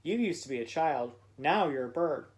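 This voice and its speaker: A man's voice: a little high, animated, normal speed, natural voice. A man voicing a friendly, knowing female bird in a bedtime story, his voice raised a little as he reads her. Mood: explaining.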